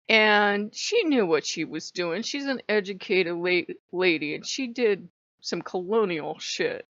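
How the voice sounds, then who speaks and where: A woman's voice: medium pitch, no room sound. Blunt, swearing woman vlogger, dull lo-fi sound. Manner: blunt, swears freely, laughs often. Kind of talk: casual vlog chat. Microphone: built-in camera mic.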